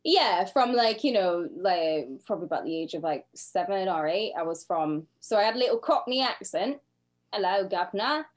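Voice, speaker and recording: A woman with a Cumbrian accent from Penrith, talking casually on a podcast. She is blunt and profane and laughs easily. Her voice sits at a middle pitch. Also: animated, moderate pace, hardly any pauses. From northern England, Penrith. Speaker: podcast co-host.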